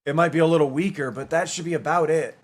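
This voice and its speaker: A man's voice: fairly high pitch, fairly even intonation, fast talker. A man streaming live and chatting casually, rambling and chatty, with hums and half-sung bits.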